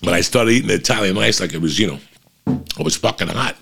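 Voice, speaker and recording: A middle-aged man hosting a show, telling a story in casual, profane, animated chat to his listeners. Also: low voice, fast talker, vocal fry, background noise. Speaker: podcast host.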